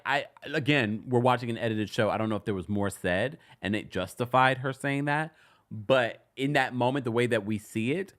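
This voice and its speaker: Chatty guy recapping reality tv, voice all over the place, squeaky when shocked. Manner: animated, bursts into high-pitched exclamations and laughs; chatty, many restarts while retelling scenes. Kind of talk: casual commentary recap.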